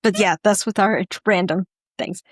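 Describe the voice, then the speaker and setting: A woman's voice: mid-range voice, steady tone, normal speed, no room sound. Chatty woman, dry close sound. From Northwestern Pennsylvania. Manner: rambling, chatty, full of restarts. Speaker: podcast co-host. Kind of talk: casual chat.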